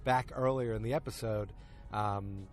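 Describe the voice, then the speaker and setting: A man hosting a podcast, recapping an episode in a loose, casual way and acting out the characters' lines in quick quotes. He is recording outdoors in a park. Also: fairly low pitch, fairly even intonation. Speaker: podcast host.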